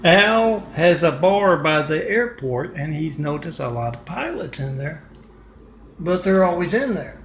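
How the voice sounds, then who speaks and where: A man delivering an agitated, rambling monologue, halting often with fillers. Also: on the high side, big pitch swings, slight background noise. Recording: echoey, muffled lo-fi room recording.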